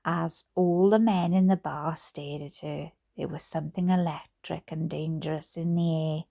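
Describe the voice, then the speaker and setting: Welsh lady reading a bedtime story, low gravelly mellow voice, stops to chat and giggle at her slips. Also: fairly even intonation, normal speed. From Wales. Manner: chatty asides, laughs at own mistakes. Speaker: storybook reader. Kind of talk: reading a book aloud at bedtime.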